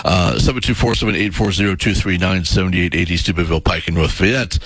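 A man's voice: deep voice, fast, a bit bright. A man hosting a sponsored radio talk segment, chatty and repeating sponsor details. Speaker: radio talk show host.

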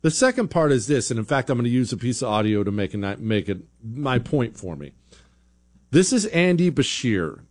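Male opinion host, sarcastic and blunt, expressive delivery, conversational commentary. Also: mid-range voice, moderate pace. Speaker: political talk show host.

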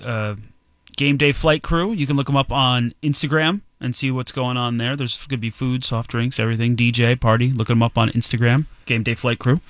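A man's voice: mid-range voice, steady tone, brisk, fairly bright tone, no echo. A man co-hosting a morning radio show, upbeat and playful in the banter. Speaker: radio co-host. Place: radio studio.

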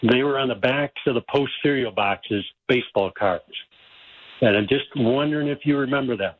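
A man's voice: medium pitch, moderate pace, no echo. A man in his sixties calling a radio show, jokey and chatty. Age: 60s. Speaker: caller. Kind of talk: call-in question. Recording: dull line, loud noise.

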